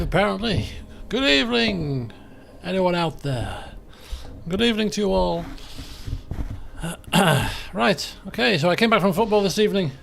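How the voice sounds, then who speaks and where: A man's voice: sits high, creaky, a bit bright. A man streaming a racing management game, chatting casually in a rambling, self-deprecating way. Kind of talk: casual live-stream commentary.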